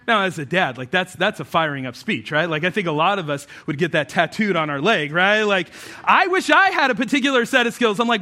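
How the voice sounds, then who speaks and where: A male pastor delivers a sermon in a high, ringing voice. He swings from intense, rising appeals to loose, joking asides full of fillers. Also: expressive, brisk, pushed and bright.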